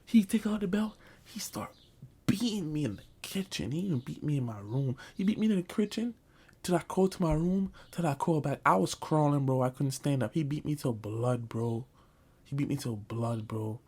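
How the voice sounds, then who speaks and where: A man's voice: medium pitch, fairly quick, warm tone, slightly rough. A man telling a comic storytime, talking loosely in slang and saying bro a lot. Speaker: vlogger. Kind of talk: comedic storytime.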